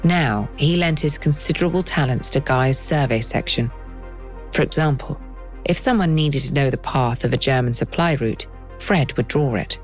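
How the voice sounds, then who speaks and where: Low-voiced woman narrating a podcast. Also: normal speed, soft background music. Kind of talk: scripted narration.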